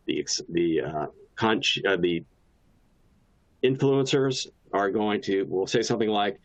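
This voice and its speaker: A man gives a relaxed professional training talk, restarting sentences and sprinkling in personal anecdotes. His voice sits on the low side. The recording sounds dull and lo-fi, like a webinar capture. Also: normal speed. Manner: casual, anecdotal, frequent restarts and filler. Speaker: presenter.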